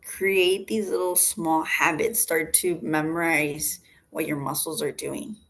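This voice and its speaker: Calm woman guiding face yoga. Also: sits low, slow, vocal fry. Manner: calm instructive cues, counting and breathing prompts. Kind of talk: guided face yoga class. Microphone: video call. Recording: video call audio with faint background noise.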